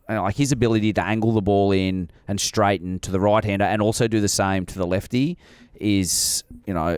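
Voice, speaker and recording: A man's voice: low voice, clear, resonant tone, no echo, clean studio sound. An Australian man, a former cricketer, chatting animatedly and laughing as he tells stories. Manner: animated storyteller, laughs often. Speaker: cricket podcast guest, former player. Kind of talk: casual chat.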